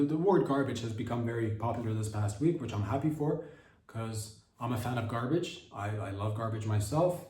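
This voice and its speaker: Deadpan rambling man in an echoey room. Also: medium pitch. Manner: deadpan absurd riffing with frequent restarts. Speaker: podcast host. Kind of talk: rambling comedic monologue. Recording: echoey room, distant from mic.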